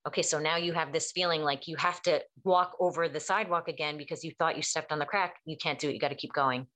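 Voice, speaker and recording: A woman's voice: sits low, fast. A woman therapist explaining things in casual chat, acting out quoted dialogue as she tells stories. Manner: animated storyteller acting out quotes.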